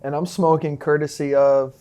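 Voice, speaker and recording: A man's voice: fairly high pitch, little pitch movement, moderate pace, warm tone, clear, resonant tone. A man co-hosting a podcast, chatting loosely and joking as he rambles along on a couch indoors. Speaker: podcast co-host. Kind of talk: casual podcast chat.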